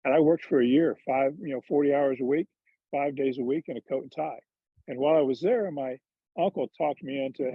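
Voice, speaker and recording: A man's voice: medium pitch, brisk, husky, no echo. A man, a former touring golfer and TV commentator, telling candid, self-deprecating stories in a casual interview. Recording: dull lo-fi dry sound.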